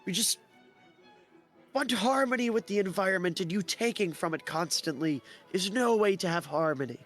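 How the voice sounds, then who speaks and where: A man's voice: high voice, expressive, moderate pace, fairly bright tone, soft background music, voice pushed up. A man voicing an earnest male druid elder who pleads for his people in a tabletop game. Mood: pleading. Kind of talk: tabletop role-play voice.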